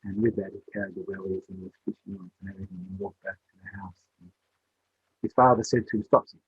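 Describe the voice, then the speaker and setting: A man telling a story aloud in a relaxed oral style, switching his voice for the characters. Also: quick pace, breathy edge, no room sound. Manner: voices the characters with rising pitch for the child. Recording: dry, tinny phone-like sound.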